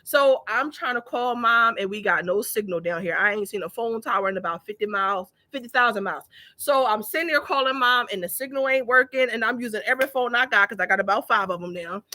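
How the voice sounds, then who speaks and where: A lively woman telling a story straight to her viewers, her voice bright and high. She flips between chatty narration and loud, high-pitched yelling when she acts out the scene, and the sound is close and dry. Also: quick pace, no room sound. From Philadelphia. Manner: animated, breaks into laughter and high-pitched yelling while telling stories. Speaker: business owner vlogging. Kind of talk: casual storytelling vlog.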